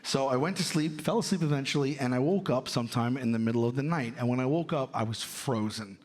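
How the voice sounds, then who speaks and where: A male stand-up comedian telling a story on stage, animated and lively, with sudden jumps into loud character voices. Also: mid-range voice, fast talker. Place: large theater stage. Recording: reverberant hall, loud audience.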